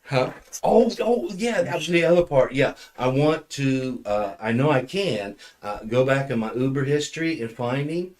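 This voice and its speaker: A man's voice: medium pitch, lively intonation, normal speed. Rambling man telling a story. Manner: rambling, restarts often, laughs at his own story. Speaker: podcast host. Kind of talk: casual storytelling chat.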